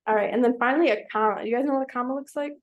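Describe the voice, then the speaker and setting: Bright-voiced, patient woman reading teacher. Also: a little high, rapid-fire, muffled recording. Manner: patient, encouraging, asks many questions. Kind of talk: classroom instruction to children.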